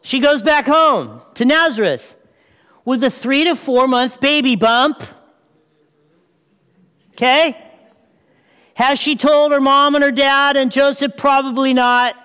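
Man, preacher, high voice, lively sermon, questions to the crowd, long hall reverb. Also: slow, long pauses. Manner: lively, asks the audience questions, acts out scenes. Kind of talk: animated sermon.

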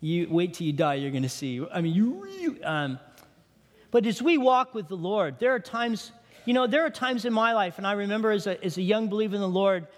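A man's voice: sits high, animated, a little fast. A middle-aged male pastor preaching a sermon in a conversational way, often putting questions to the congregation. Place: church sanctuary. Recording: long hall reverb.

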